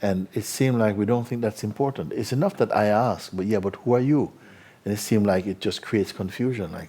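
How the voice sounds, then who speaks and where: A man giving spiritual teaching to a live audience, unhurried and probing with repeated questions. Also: fairly low pitch, lively intonation, warm tone, breathy edge.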